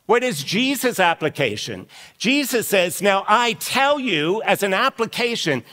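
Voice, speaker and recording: Lively, bright-voiced pastor preaching. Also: male voice, high-pitched, a little slow. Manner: animated, conversational storytelling. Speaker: lead pastor. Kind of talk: sermon. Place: church sanctuary. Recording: long reverb of a church hall.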